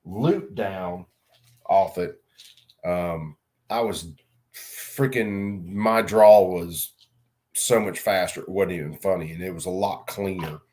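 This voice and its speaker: A middle-aged man with a fairly low voice rambles through a casual vlog story. He swears freely, trips over his own sentences and keeps laughing at himself. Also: takes it slowly, darkish tone. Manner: rambling, profane, self-mocking, laughs a lot. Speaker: vlogger.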